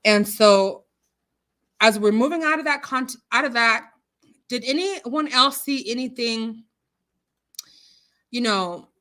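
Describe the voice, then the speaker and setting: Pushed and bright, a woman's voice on the high side reads chat aloud as she hosts a casual livestream. She's outspoken and indignant in reacting to viewers, heard through a computer mic on a streaming call.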